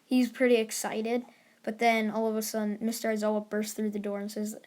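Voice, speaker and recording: A woman's voice: on the high side, monotone, fairly quick, a little mellow. A woman casually retelling a fan story for her channel, rambling and correcting herself as she goes. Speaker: YouTuber storyteller.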